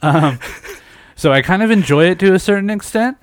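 A man's voice: high voice, animated, brisk, a little hiss or hum. A young adult man with a nasal, stuffed-up voice, hosting a podcast in casual chat, rambling and swearing with many fillers. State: stuffed-up nose from a head cold. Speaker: podcast host.

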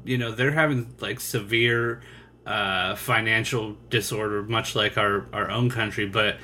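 A man with a bright, forward voice hosts a loose podcast interview. His questions ramble along, curious and peppered with casual swearing. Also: on the low side, fairly even intonation, unhurried, a little hiss or hum. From United States. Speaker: podcast host.

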